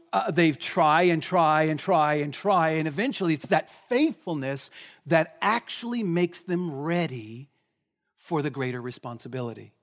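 Man, preacher, sermon, slightly high voice, conversational, asks listeners questions.

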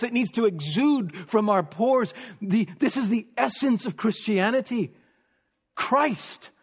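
A man with a high voice preaches a sermon at an unhurried pace, leaning on repeated phrases and sometimes sinking to a near whisper. His voice rings with the long reverb of a large church hall. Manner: emphatic, repeating phrases, dropping to a hush for stress.

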